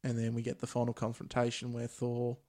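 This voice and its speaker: A man talking through a movie plot on a podcast. His pitch sits in the middle of the range. He keeps it loose and conversational. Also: fairly quick. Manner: recaps plot in a relaxed, chatty way with Australian slang. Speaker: podcast host. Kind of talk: casual movie recap chat.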